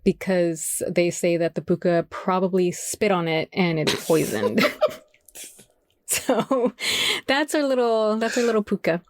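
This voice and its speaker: A woman's voice: on the low side, measured pace, dry recording, studio quality. A woman co-hosting a casual podcast, chatty and full of fillers as she tells folklore. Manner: chatty, many fillers, giggly asides. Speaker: podcast co-host telling folklore.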